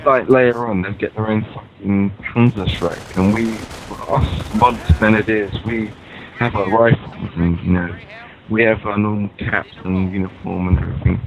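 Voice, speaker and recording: A man's voice: on the low side, steady tone, moderate pace, slight background noise, rough recording. A man rambling through a comedic in-character monologue, hesitant and full of ums and restarts. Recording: voice over loud video game gunfire. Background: game battle sounds with gunfire.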